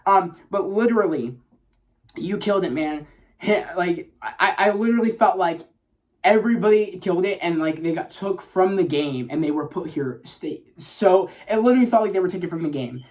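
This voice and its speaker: A man giving a casual spoiler review of a film in a vlog, excited and rambling, with many fillers, restarts and swearing. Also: high voice, moderate pace.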